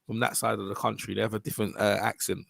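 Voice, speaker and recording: A man's voice: fairly low pitch, flat delivery, fast talker, vocal fry, fairly bright tone, no room sound. A man with a London accent hosting a boxing channel, talking casually and rambling over a fight video. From London, England. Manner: rambling, informal, with frequent restarts and fillers.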